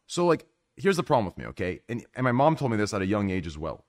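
Deep-voiced excitable young man. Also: fast. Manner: loud and excitable, swears freely. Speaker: podcast host. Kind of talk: casual chat.

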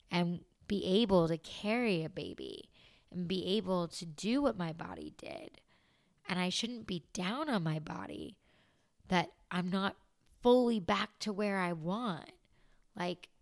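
A young woman, a new mother, talking candidly and from the heart in a personal vlog, slow and halting in places. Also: fairly low pitch. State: tearful.

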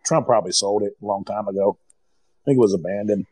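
A man's voice: on the low side, quick pace, a little mellow, slightly rough, dry recording, low-quality recording. A man from Ohio in casual, profane, joking conversation as a podcast co-host. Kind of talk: casual chat.

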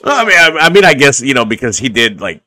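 A man hosting a casual podcast chat, his voice deeper and rougher from acid reflux, rambling and swearing with many restarts. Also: big pitch swings, quick pace, bright, forceful tone. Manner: rambling and profane, with frequent restarts. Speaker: podcast host.

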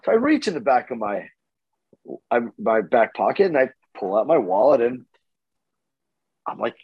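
A man telling a story casually as a podcast guest, animated, with his voice jumping up when he gets excited and swearing freely. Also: medium pitch, moderate pace, long pauses, slightly rough, dry recording, dull audio.

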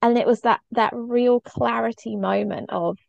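A woman's voice: on the high side, steady tone, normal speed, gravelly, darkish tone, dry recording, highs cut off. A middle-aged woman, a parenting coach, speaking earnestly and openly as a podcast guest. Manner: earnest, reflective, emotionally open. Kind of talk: conversational interview storytelling.

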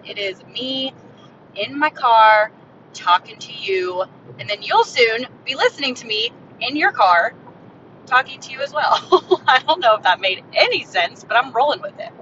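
A young woman from Florida hosting a casual podcast, talking excitedly into her phone while driving in her car. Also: normal speed. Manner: excited, upbeat, salesy. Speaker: podcast host. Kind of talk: casual solo podcast pitch. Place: in a moving car. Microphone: phone mic. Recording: dull phone recording with car rumble.

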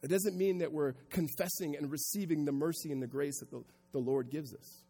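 A man's voice: fairly high pitch, fairly quick, husky. Man preaching in an echoing hall. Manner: builds from quiet reflection to raised, emphatic preaching. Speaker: pastor. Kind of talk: sermon. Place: church sanctuary before a congregation.

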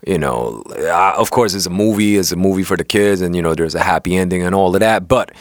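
A young man with a deep, low voice and a New York City accent talks in a casual, slangy way, full of street talk and bursts of animation. The sound is close and dry with no room around it. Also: fairly quick, no echo. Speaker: co-host. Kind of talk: casual chat.

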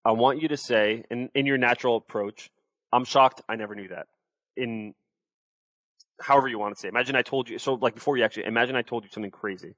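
A man's voice: mid-range voice, fairly even intonation, fast talker, fairly bright tone, no echo. A young adult man, a sales coach, explaining and demonstrating tones of voice in a casual interview.

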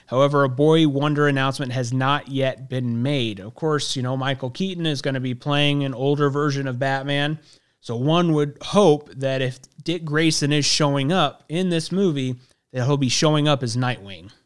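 A man with an American country accent co-hosting a casual podcast, chatty and excitable. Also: mid-range voice, moderate pace, clean tone. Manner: chatty and excitable, laughs easily. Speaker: podcast co-host.

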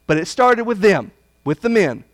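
A man preaching a Bible study sermon, blunt and folksy, swinging from loud emphasis to hushed asides. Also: high voice, big pitch swings, normal speed, dry recording.

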